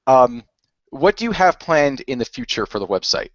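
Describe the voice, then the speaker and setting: A man's voice: mid-range voice, sing-song, moderate pace, fairly bright tone, no room sound. A man hosting a casual voice chat discussion, earnest and hesitant with many fillers. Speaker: discussion host. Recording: dry, dull lo-fi voice chat.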